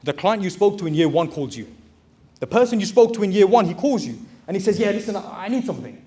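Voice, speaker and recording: A man with a high, expressive voice gives a blunt pep talk to a live audience at a quick pace and with a dark tone. A motivational speaker who also owns a recruitment business, he is direct and exhorting and calls his listeners brothers.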